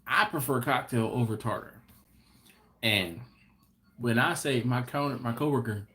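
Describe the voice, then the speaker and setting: A man's voice: mid-range voice, pushed and bright. A man hosting a live-stream Q&A for his barbecue channel, telling stories at an easy pace and acting out what people said. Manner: unhurried, laughing storyteller who acts out quotes.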